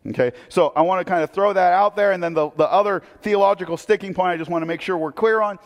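Male pastor, fairly high voice, chatty sermon full of rhetorical questions, long hall reverb. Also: fast. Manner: conversational, asks the audience rhetorical questions, frequent restarts.

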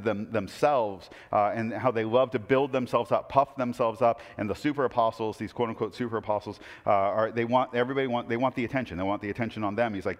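A man delivers a conversational sermon to a church class, speaking casually with wry asides and frequent restarts. His voice sits at a middle pitch. It rings with the long reverb of a church hall. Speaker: preacher teaching a Bible class.

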